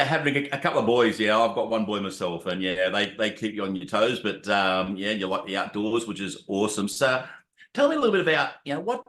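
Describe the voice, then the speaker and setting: A man's voice: lowish voice, a bit bright, echoey room. A man hosting a casual interview, chatty and matey, calling his guest "mate". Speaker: podcast host.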